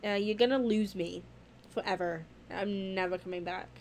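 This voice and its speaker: A woman's voice: medium pitch, normal speed, a little mellow, slight background noise. A young woman talking casually to camera in a vlog, candid and blunt, swearing freely and filling her speech with "like.".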